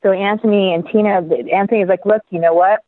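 A middle-aged woman telling a story as an interview guest, lively and animated, with quick asides and restarts. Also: medium pitch, dry recording. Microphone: phone. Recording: tinny dry phone line.

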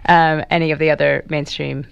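A radio co-host, speaking slowly with fillers in a casual way. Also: medium pitch, flat delivery, creaky, clean tone, dry recording, dull audio. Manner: slow, unhurried, with fillers.

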